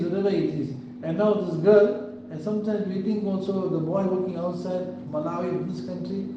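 A man's voice: high voice, background noise. A man giving an earnest sermon, telling a story and acting out the quotes. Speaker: preacher. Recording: distant, echoey, dull.

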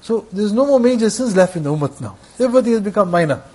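A man's voice: high voice, lively intonation, fast, a little mellow, breathy edge. A man preaching a sermon to his brothers, repeating phrases for emphasis.

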